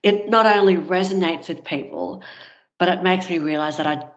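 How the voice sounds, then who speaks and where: A woman with a lowish voice tells a personal story to an interviewer, frank and candid, never polished. The sound is dull and a little lo-fi. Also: normal speed. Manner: candid, frank, with filler words. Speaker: guest.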